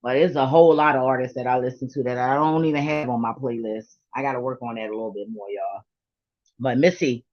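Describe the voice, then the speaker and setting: A woman's voice: rumbling low, moderate pace, long pauses, no echo. Hyped, profane woman vlogger. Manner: hyped, profane, laughing often. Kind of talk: casual monologue to camera. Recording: dull, dry lo-fi recording.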